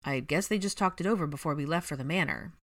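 A woman voicing a reserved young male wizard who speaks in a measured, firm and reluctant way. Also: low voice.

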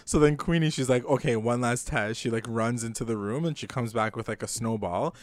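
A man's voice: medium pitch, brisk, no room sound. A man co-hosting a casual podcast, retelling a TV episode with lots of fillers and acted-out quotes, often laughing. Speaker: podcast co-host. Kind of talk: casual recap chat.

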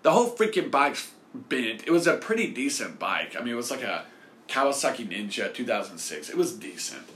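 A man tells a rambling story as a show host, with a lively, swinging pitch. He softens his swearing, and his voice rings in an echoey room. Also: a little fast, a little hiss or hum. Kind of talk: casual storytelling.

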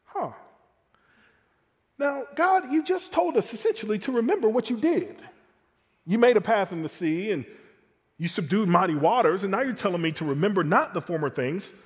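Animated preacher, high lively voice. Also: male voice, big-room sound. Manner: animated, conversational preaching with colloquial asides. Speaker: pastor. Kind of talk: sermon.

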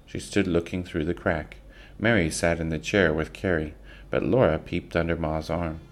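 A man reading a children's book aloud in an unhurried way, with occasional slips and restarts. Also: sits low, fairly even intonation.

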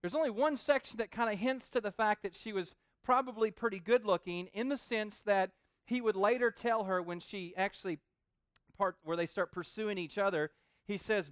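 A man preaching a sermon to a young crowd in an informal, animated way, often asking "okay?" and calling them guys. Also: high voice, moderate pace, smooth, no room sound, clean studio sound.

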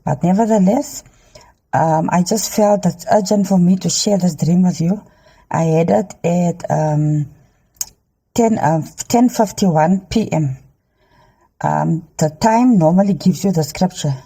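Dark, husky woman sharing a dream. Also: fairly low pitch. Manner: halting, many ums, preachy urging. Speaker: Christian dream sharer. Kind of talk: earnest testimony to a phone camera. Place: inside a car. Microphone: handheld phone.

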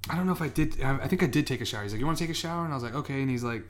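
Speaking very fast, with a mid-range voice and lively intonation, this podcast co-host winds through a long anecdote. He keeps slipping into the voices of the people he's quoting.

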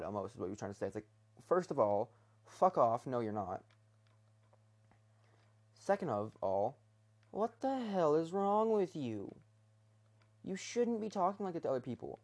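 A young man talks off the cuff from his bed, rambling between topics. He stops and restarts often, hunting for words, and his pitch sits mid-range for a man. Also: very animated, moderate pace, long pauses, a little mellow. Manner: meandering, hesitant, full of restarts and fillers. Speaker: vlogger. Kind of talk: casual rambling rant. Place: bedroom.

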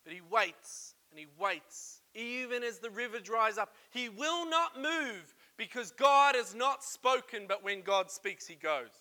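An emotional pastor preaching a sermon in church, moving from hushed, confiding talk to loud, fervent calls. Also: male voice, extremely high pitch, lively intonation, unhurried, few pauses. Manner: emotional, swings from hushed to shouting.

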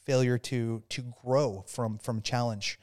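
A man, a former soldier, telling a story as a podcast guest, stumbling over restarts and warming into animated retelling. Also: medium pitch. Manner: halting, many restarts, grows animated while telling a story. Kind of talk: casual storytelling interview.

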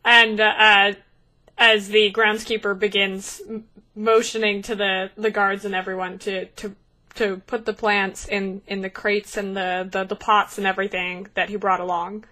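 Bright-voiced woman game master. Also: medium pitch, moderate pace. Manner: lively, descriptive, with fillers. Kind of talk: narrating a tabletop game.

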